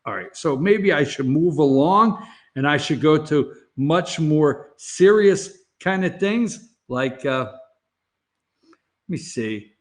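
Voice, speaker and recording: A man's voice: on the high side, expressive, takes it slowly. Sarcastic man with a raised voice. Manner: sarcastic, blunt, chuckling, self-mocking asides. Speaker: talk show host. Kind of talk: opinionated morning commentary. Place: office studio. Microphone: facing a camera.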